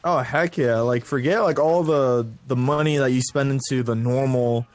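A raspy young man chatting casually and laughing a lot while playing a co-op game. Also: medium pitch, moderate pace. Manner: laughs often, rambling. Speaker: gamer. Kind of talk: casual co-op gameplay chat.

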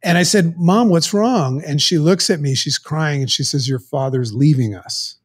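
A middle-aged man speaks as a podcast guest, recounting a turning point from his past. His voice sits a little high for a man, and he talks earnestly, pausing and restarting as he works through his memories. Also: husky. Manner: earnest, halting, with many restarts. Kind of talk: personal storytelling in conversation.

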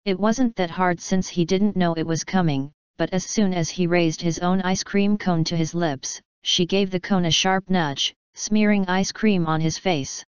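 A woman reading a novel aloud as narrator in a measured, even way. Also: fairly low pitch, clean tone, no echo. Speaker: audiobook narrator. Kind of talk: scripted narration. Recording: dull dry audiobook recording.

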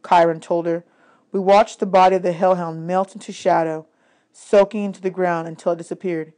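A woman reading a novel aloud, narrating in a steady, clear storytelling manner. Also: lowish voice, brisk. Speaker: reader. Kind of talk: audiobook read-aloud narration.

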